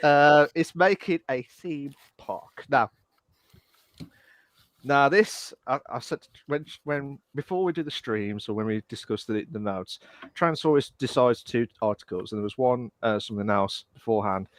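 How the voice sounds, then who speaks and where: A man's voice: medium pitch, moderate pace, no echo. A man co-hosting a podcast in casual chat, playful and given to silly voices. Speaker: podcast co-host.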